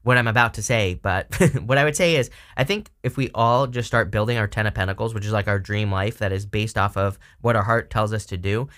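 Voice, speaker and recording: A man's voice: fairly low pitch, brisk, few pauses, a bit bright. A man giving a casual, rambling tarot reading, chatty with lots of fillers and frequent laughs. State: hiccups. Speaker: tarot reader.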